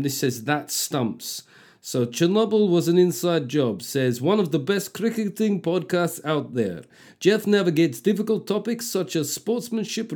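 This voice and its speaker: A man's voice: medium pitch, darkish tone. A man hosting a podcast, chatting casually and reading out listener reviews with sweary, self-mocking asides. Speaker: podcast host.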